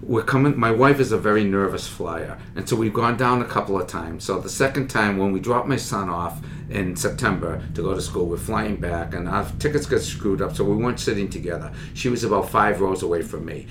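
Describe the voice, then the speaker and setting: A middle-aged man from Massachusetts, a comedian guest telling animated anecdotes with acted-out voices on a talk show. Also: fairly low pitch, a little fast, noisy background.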